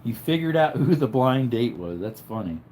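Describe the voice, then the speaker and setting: Lying in bed at home with a headache, a tired man hosts a livestream, casually chatting and reading viewer comments in a drowsy, low-key way that trails off. His voice is sing-song and darkish at a normal speed, with a little hiss or hum behind it.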